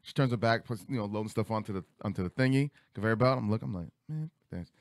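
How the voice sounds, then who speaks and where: A man in his thirties telling a childhood story on a radio talk show, acting out voices with big jumps in pitch. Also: very fast, dry recording, clean studio sound. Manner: animated, acts out quotes with big pitch jumps. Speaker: podcast host. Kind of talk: casual storytelling. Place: studio.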